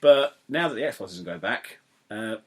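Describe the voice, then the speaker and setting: A man's voice: lowish voice, expressive, normal speed. A young man from England hosting a podcast in casual, rambling, jokey chat that keeps wandering into digressions. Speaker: podcast host.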